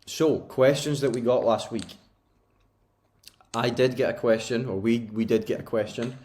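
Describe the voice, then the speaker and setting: A man's voice: medium pitch, steady tone, normal speed, darkish tone, a little hiss or hum. A Scottish man, co-host of a podcast, talking loosely and laughing easily over a remote call. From Scotland. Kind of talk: casual chat.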